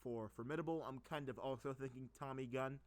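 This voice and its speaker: A man's voice: mid-range voice, steady tone, fairly quick. Rambling young man full of fillers. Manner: hesitant, many fillers and restarts, goes off on tangents. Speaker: video creator explaining fan project plans. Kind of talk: casual rambling talk.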